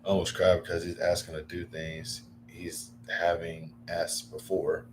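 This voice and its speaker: Low-voiced male streamer, loose rambling chat full of fillers and sudden excited bursts, faint background noise. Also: unhurried. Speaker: livestreamer. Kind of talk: casual livestream chat.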